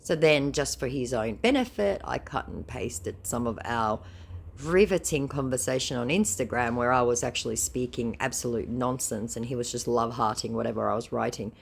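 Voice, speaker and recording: A woman's voice: extremely low pitch, animated, moderate pace, creaky, slight background noise. A woman recapping a chat with a scammer in a sarcastic, teasing way. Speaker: scam baiter.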